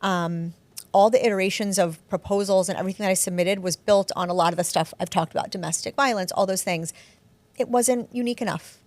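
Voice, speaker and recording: A woman in her forties talks openly in an interview, mixing frank stories with self-deprecating humor. Her voice sits at a middle pitch. The sound is dry and close, with no room around it. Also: fairly quick, dry recording. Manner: candid, self-deprecating, animated storytelling. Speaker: guest author. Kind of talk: casual interview chat.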